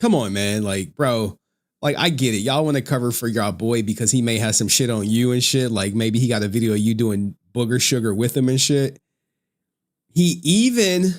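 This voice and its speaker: Slangy man ranting on stream. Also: medium pitch. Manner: slangy, crude, laughs often. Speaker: streamer commentator. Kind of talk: casual livestream rant.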